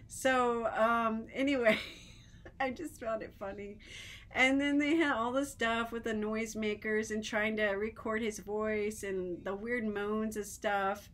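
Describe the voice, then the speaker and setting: A woman's voice: on the high side, measured pace. A woman chatting casually to camera, telling funny stories with lots of fillers and restarts, and often laughing. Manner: giggly, animated, breaks into laughter. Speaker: vlogger.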